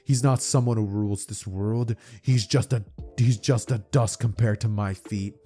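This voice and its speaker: A man voicing a grim, powerful male antihero in a fan-made anime story, with slow, heavy delivery. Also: lowish voice, fairly even intonation, mellow, faint music behind, natural voice. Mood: menacing.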